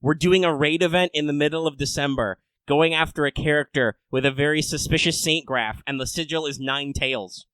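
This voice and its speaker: A man hosting a casual podcast, rambling and swearing, swinging between loud rants and low mutters. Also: brisk, hardly any pauses, smooth, dry recording, poor audio. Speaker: podcast host.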